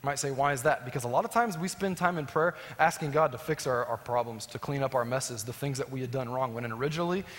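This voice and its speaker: A man preaching as a pastor, swinging between emphatic rising lines and soft, low endings. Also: fast, few pauses. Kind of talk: sermon. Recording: long hall reverb.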